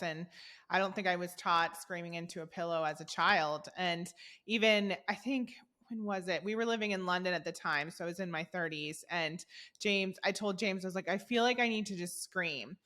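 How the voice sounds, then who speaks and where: A woman hosting a podcast, chatting casually and reacting with laughter. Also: fairly low pitch. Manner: warmly reactive, laughs along. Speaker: podcast host. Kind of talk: casual interview chat.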